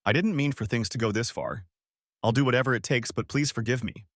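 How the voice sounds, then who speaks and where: A man's voice: medium pitch, a little fast, no room sound, studio quality, lightly acted. A man voicing a desperate, unfaithful young wife who begs her husband over the phone. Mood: pleading. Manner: desperate, begging.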